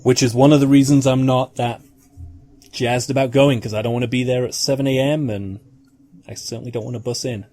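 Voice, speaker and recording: A man's voice: mid-range voice, steady tone, a little fast, warm tone. Man hosting a casual podcast chat. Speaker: podcast host.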